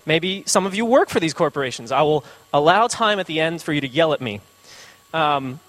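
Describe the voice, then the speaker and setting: Rambling joking male lecturer, higher voice. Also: fairly bright tone. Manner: rambling, jokey asides, many fillers. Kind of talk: informal classroom lecture.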